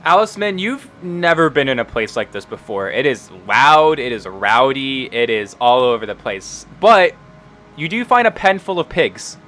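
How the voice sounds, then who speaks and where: A man's voice: medium pitch, big pitch swings, moderate pace, sharp tone, faint music behind. A man narrating a tabletop game as game master, casual and profane, laughing often. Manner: casual, laughing, swears freely.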